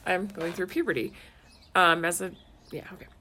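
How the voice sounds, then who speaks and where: A woman in her thirties co-hosting a casual podcast as a mother, chatty and quick to laugh, full of "like" fillers. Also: fairly low pitch, steady tone, a crowd in the background. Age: 30s. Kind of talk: casual chat.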